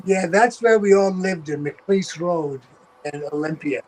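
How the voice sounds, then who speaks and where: A man's voice: sits high, unhurried, rough recording. An older man with a Geordie accent, a guest telling rambling, profane road stories. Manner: salty, swears freely, rambling. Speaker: guest, veteran tour manager. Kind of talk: casual anecdotal storytelling.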